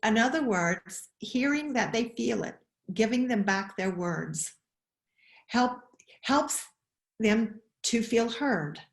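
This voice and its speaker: A woman giving a webinar talk on child emotions, expressive, often asking questions. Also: a little high, takes it slowly, vocal fry. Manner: expressive, acts out quoted voices, asks questions. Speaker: webinar speaker. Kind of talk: animated talk. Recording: roomy echo.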